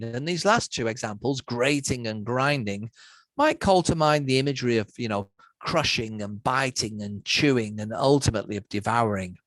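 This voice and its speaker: A man giving an academic lecture to university students online, measured and methodical, setting out word lists one item at a time. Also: mid-range voice, lively intonation, no echo, low-quality recording.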